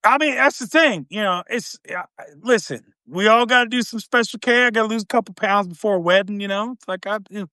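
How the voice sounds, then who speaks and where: A woman's voice: mid-range voice, fairly quick, hardly any pauses, fairly bright tone, no echo. A woman in her fifties from the United States co-hosting a casual political chat, jokey and rambling with many fillers. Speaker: podcast co-host.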